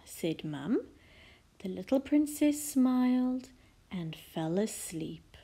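A woman reading a children's picture book aloud in a very slow, expressive way, dropping now and then into a soft whisper. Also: lowish voice. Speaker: storyteller.

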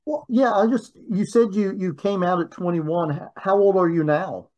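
An interviewer asking gentle, encouraging questions in a casual chat. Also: medium pitch, normal speed, lo-fi sound.

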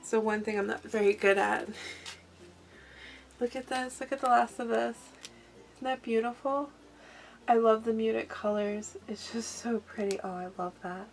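A woman hosting a craft unboxing vlog, talking in a soft, gushing, effusive way. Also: a little high, steady tone, measured pace, long pauses. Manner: gushing, effusive, frequent gasps and laughs. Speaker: craft channel host.

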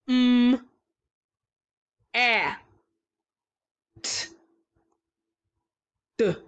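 A woman teaching a kindergarten phonics lesson, sounding out words slowly and praising the children cheerfully. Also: a little high, fairly bright tone. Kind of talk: slow, clear phonics lesson for young children.

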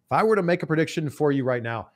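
A man's voice: fairly high pitch, very fast. A Canadian man, a TV host and entertainment reporter, talking as a guest in a casual interview, upbeat and full of "like" fillers. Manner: animated, enthusiastic, many "like" fillers.

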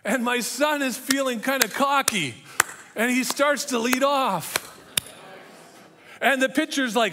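A middle-aged man preaching a sermon as pastor, telling a story and often dropping to a soft, hushed voice for emphasis. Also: very high-pitched, takes it slowly, long pauses, background noise. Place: church.

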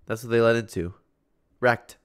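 A man's voice: mid-range voice, fairly even intonation, normal speed, clear, resonant tone. A man hosting a casual interview, teasing his guest and laughing easily. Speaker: interview host. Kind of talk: casual chat.

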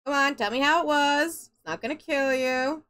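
A woman's voice: high-pitched, moderate pace, a bit bright. A woman chatting casually on a game stream, goofy and rambling, swearing as she goes. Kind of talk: casual live-stream chat.

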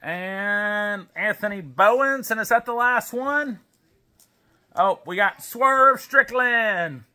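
Bright-voiced dad chatting over card packs. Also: male voice, sits high, slow pace. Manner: chatty, talks to his baby while reading card names. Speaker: wrestling card collector vlogger. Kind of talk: casual pack-opening chat. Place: home.

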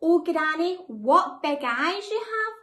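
Little Red Riding Hood, high and eager, read by a woman. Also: expressive, slow, fairly bright tone, exaggerated voice. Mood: wondering. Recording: echoey room.

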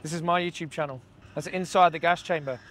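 A man's voice: on the high side, fairly even intonation, a little fast, fairly bright tone, a little hiss or hum. Man, blunt, swearing, confrontational activist, outdoors, handheld camera. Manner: blunt, heckling, swears a lot. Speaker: animal rights activist. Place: outdoors by a slaughterhouse.

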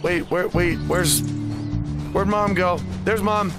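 This gaming channel host speaks slowly in a high-pitched, steady voice. In his let's play, he plays his cat character in first person, bantering playfully with some swearing and pretend meows while game music runs underneath.

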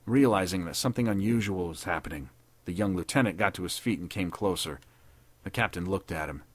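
A man narrating a 1930s pulp war story in a measured, dramatic reading. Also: low voice, no room sound. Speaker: podcast narrator.

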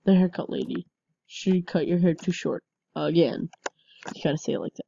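A woman giving casual game commentary, excitable, with frequent yelps and laughs. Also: lowish voice, normal speed, gravelly, dull audio, slight background noise. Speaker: gameplay commentator.

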